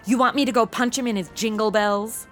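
A woman's voice: fairly high pitch, fairly even intonation, brisk, soft background music. A woman giving sassy, wisecracking comedic commentary as a co-host. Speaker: comic co-host.

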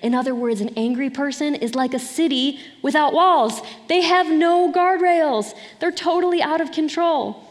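Middle-aged woman pastor preaching, earnest and chatty, voice a bit high, long church-hall reverb. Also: normal speed. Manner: earnest, conversational, laughs between points. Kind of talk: sermon.

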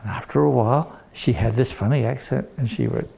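A man telling a story to children in a gentle, expressive way, talking straight to the kids. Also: mid-range voice, brisk, gravelly, husky.

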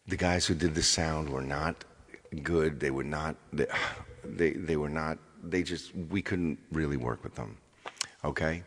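A man's voice: very deep voice, a bit bright, in a large hall. A man, a touring performer, telling his followers a rambling story in casual chat, repeating himself and checking in with "okay". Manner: rambling, repeats phrases, says okay often. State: tired. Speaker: touring performer addressing fans.

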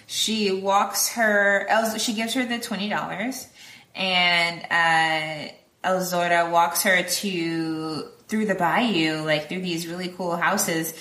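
A woman's voice: lowish voice, pushed and bright. A woman co-hosting a podcast, recapping a film plot casually in a rambling way, full of fillers and acted-out quotes. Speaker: podcast co-host. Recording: echoey room.

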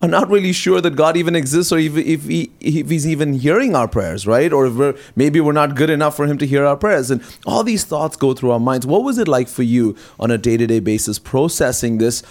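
A man, a pastor hosting a faith talk show, asking long wandering questions and talking through ideas with a gentle, pastoral tone. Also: fairly high pitch, expressive, a little fast, few pauses. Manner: rambling, restarts questions, many fillers. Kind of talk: conversational interview on faith.

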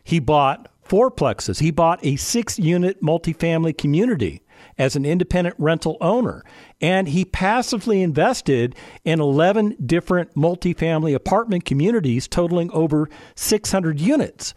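A man hosting a radio talk show, speaking in an animated way with lots of rhetorical questions and jokey asides to his dog. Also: a little high, normal speed, no room sound, clean studio sound.

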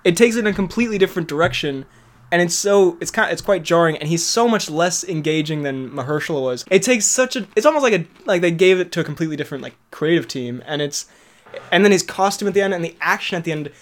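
A man's voice: a little high, lively intonation, quick pace. A young man chatting casually on a podcast, rambling, swearing often and laughing at his own jokes. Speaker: podcast host. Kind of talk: casual chat reviewing TV shows.

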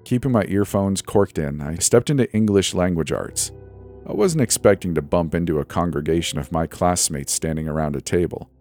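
A man with a very deep, low voice reads a scary story in a measured, dramatic way. Soft music plays faintly behind him. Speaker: narrator. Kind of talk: horror story narration. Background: faint background music.

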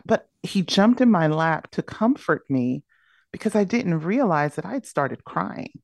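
A woman's voice: low-pitched, big pitch swings, unhurried, gravelly, dry recording. A woman speaking as a podcast guest, candidly and reflectively telling a personal story. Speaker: podcast guest, burnout coach.

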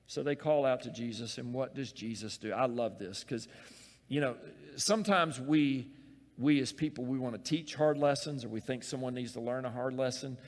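A man preaching a sermon, acting out Bible scenes in voices and swinging from loud calls to hushed, close words. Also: medium pitch, moderate pace, in a large hall. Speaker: pastor.

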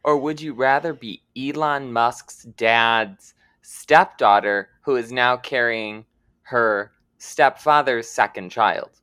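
A co-host in a casual pop culture chat, laying out stories step by step in a measured way. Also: medium pitch, fairly bright tone, clear, resonant tone, no echo, clean studio sound. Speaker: podcast co-host.

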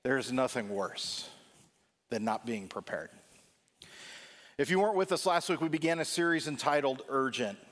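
A man preaching a sermon. He tells a comic personal story with animated delivery, acting out the dialogue, then slows and drops his voice for the serious points. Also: on the high side. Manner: acts out quoted dialogue. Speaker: pastor.

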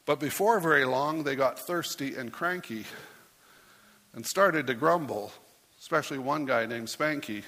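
A man's voice: mid-range voice, moderate pace, sharp tone, big-room sound. A man preaching as a pastor, reading a rhyming story aloud in a playful way and putting on voices for the characters.

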